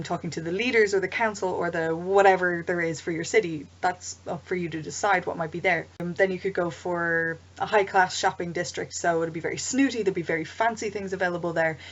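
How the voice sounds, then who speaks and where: Chatty woman with a low voice. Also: steady tone, fairly quick. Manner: chatty, digressive, with ums and asides. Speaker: game master advice vlogger. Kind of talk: casual explanatory vlog. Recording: dull lo-fi home recording.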